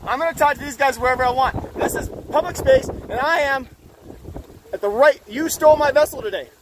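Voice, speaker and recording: Furious high-voiced man berating officials. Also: fairly quick, noisy background. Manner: angry, accusatory, profane, shouting. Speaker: boat owner confronting officials. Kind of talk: heated confrontation, filmed. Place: outdoors at a harbor.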